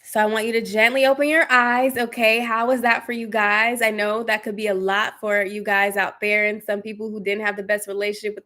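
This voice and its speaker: A young woman coach guides her live audience through a healing exercise in a soothing, affirming voice. She repeats phrases gently and speaks at a plain middle pitch. Her talk is casual and encouraging. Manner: reads out viewer comments. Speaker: spiritual coach. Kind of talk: guided meditation and livestream chat.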